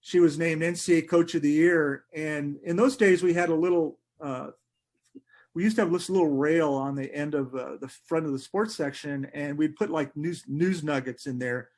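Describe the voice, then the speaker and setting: A middle-aged man, a sports writer, telling animated anecdotes in a podcast interview, laughing often and restarting sentences. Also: fairly high pitch, normal speed.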